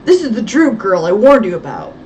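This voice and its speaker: A woman reading aloud voices a harsh, scornful male villain who snaps loud commands, her voice a little distant over faint background noise. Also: sits high, very animated, brisk.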